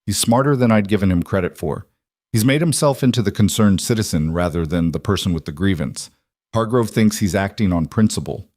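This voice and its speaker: A man voicing a steady, blunt cowboy rancher in a storybook reading, speaking in a measured, firm, plain-spoken way. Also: deep voice, dry recording, clean studio sound. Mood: grim.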